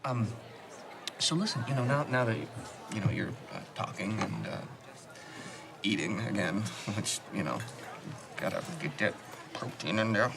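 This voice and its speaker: A man's voice: on the low side, normal speed, creaky, pauses often, a crowd in the background. An actor playing a shy, awkward teenage boy who mumbles and stammers through fillers. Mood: nervous. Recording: film soundtrack with background noise.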